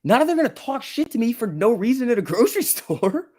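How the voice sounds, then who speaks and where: A man's voice: very high-pitched, sing-song, fast talker, mellow. A man hosting a casual stock market livestream, chatting and laughing often as he reads chat and tells stories. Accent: New Jersey.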